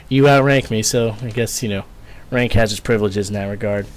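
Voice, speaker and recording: A man's voice: fairly low pitch, steady tone, normal speed. Profane rambling man telling a story. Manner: rambling, profane, lots of fillers. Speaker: vlogger, former Marine. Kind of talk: casual storytelling.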